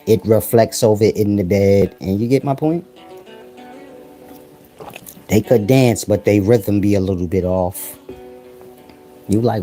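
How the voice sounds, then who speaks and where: A man's voice: on the low side, unhurried, long pauses, darkish tone, faint music behind. A man delivering a crude, casual comedic monologue in swaggering slang, with drawled asides to the listener. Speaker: comedic ranter.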